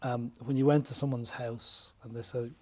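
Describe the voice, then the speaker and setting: A business coach appears as a guest on a casual podcast interview, telling stories animatedly and acting out quoted dialogue. His voice is medium-pitched at a moderate pace.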